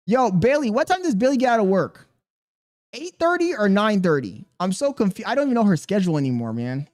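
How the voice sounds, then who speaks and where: A man's voice: high-pitched, very animated, quick pace, darkish tone. Defensive rambling male streamer. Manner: defensive, rambling, questioning his chat. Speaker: livestreamer. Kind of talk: casual livestream chat.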